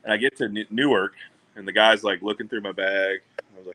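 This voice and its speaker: A middle-aged man with a slightly low voice spins casual, profane stories. He is wry and acts out each person in the tale in quick bursts. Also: bright, forceful tone, rough recording. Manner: profane, wry anecdotes with acted-out quotes. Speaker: podcast co-host. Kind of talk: casual storytelling chat.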